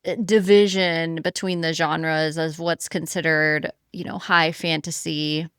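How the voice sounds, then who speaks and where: A woman's voice: sits low, little pitch movement, measured pace, a bit bright, clean tone, no echo, clean studio sound. A woman co-hosting a book podcast, chatting frankly and casually, swearing now and then. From Florida, US. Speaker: podcast co-host. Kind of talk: casual chat.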